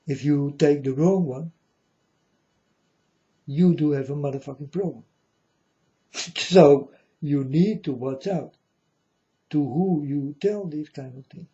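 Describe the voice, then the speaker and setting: Slow and pausing often, a man with a dark voice on the high side delivers a casual monologue as a self-styled spiritual speaker. He rambles and curses, keeps adding "you know", and speaks non-native English. The audio sounds dull.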